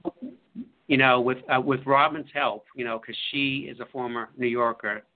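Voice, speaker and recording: A man's voice: medium pitch, flat delivery. Hesitant man on a phone line. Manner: halting, full of fillers and restarts. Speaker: author being interviewed. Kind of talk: casual radio interview.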